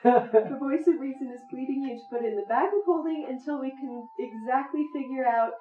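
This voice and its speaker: A woman's voice: high-pitched, fairly quick, slight background noise. Cautious woman player, distant and echoey. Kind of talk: casual tabletop play. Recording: echoey room, distant mic, lo-fi.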